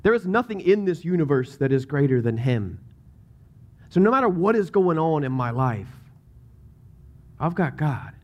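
A man's voice: a little high, sing-song, moderate pace, long pauses, lo-fi sound. A man, a pastor, preaching a sermon in a conversational way, with joking asides and emphatic scripture readings.

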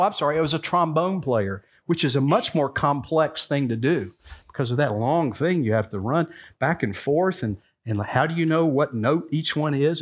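Man in his sixties preaching with vivid storytelling. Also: a little high. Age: 60s. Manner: storytelling preacher who acts out the dialogue, rising to emphatic peaks. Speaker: pastor. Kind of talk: sermon.

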